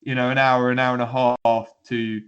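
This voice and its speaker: A man's voice: mid-range voice, little pitch movement, normal speed, fairly bright tone, lo-fi sound. A man co-hosting a football podcast, talking in a rambling, laughing way with lots of restarts. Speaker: podcast co-host. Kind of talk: casual chat.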